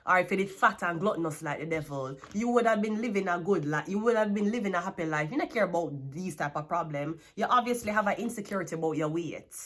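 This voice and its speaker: A woman's voice: fairly low pitch, animated, quick pace, hardly any pauses, a bit bright. A Jamaican woman giving a tarot reading, blunt and scolding, with plenty of swearing. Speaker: tarot card reader.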